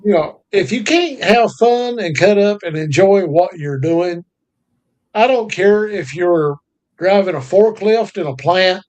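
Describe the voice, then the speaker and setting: Co-host, male, high register, easygoing storyteller with homespun phrasing. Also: lively intonation, a little slow, darkish tone. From North Carolina. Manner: folksy, drawling storyteller with country sayings. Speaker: podcast co-host. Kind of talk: casual chat.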